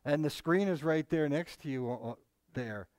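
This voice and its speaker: A man's voice: on the high side, moderate pace, darkish tone, dry recording. A man co-hosting a casual Bible discussion, talking in a rambling, conversational way with many asides and frequent chuckles. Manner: chuckles often, mimics others animatedly. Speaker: Bible study co-host.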